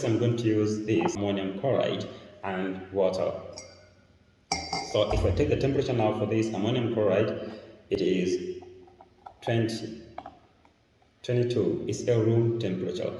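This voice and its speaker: A man's voice: fairly low pitch, normal speed, long pauses, warm tone, a little hiss or hum. A man with a Tanzanian accent, explaining a chemistry lesson step by step as he demonstrates experiments. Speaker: chemistry teacher. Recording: echoey room, mic far off.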